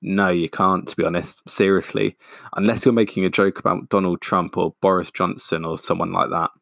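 A man's voice: deep voice, fairly even intonation, fairly quick, vocal fry, a bit bright, no echo, studio quality. A man voicing an anxious young woman who talks in an earnest, cautioning way.

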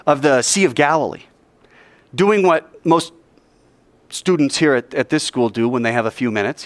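A man preaches to students in a lively, conversational way, often asking his listeners questions. His voice sits fairly high and swings widely. The sound is close and dry. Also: no echo. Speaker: speaker at a school chapel. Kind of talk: sermon storytelling.

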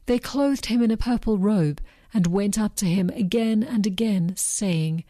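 A woman reading a scripture passage aloud in a plain, even manner. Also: mid-range voice, a little slow, hardly any pauses, dry recording, clean studio sound. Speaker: reader.

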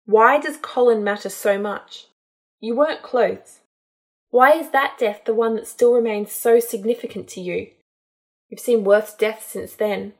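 A woman's voice: on the high side, measured pace. A woman reading a storybook, voicing a cool, sardonic young male wizard with a dry, dismissive manner. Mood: probing.

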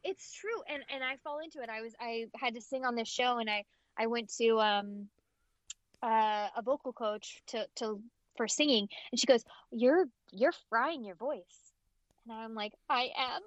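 A woman voice actress giving emphatic, expressive interview answers, often restarting her sentences. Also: a little high, moderate pace, no room sound. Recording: slightly dull, dry audio.

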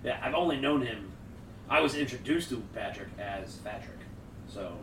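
A man's voice: medium pitch, animated, normal speed. A man co-hosting a podcast, trading teasing banter with his co-host and laughing easily. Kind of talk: casual banter. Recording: echoey room, distant mic, faint hiss.

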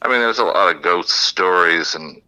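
Man, podcast guest, bright sharp voice, lowish pitch, relaxed replies. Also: normal speed, low-quality recording. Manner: laid-back, short agreeing replies. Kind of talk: casual chat.

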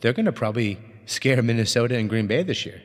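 A man's voice: medium pitch, animated, fast, in a large hall. A man co-hosting a casual sports chat, often asking the others for their views. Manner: inquisitive, asks the others. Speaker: podcast co-host.

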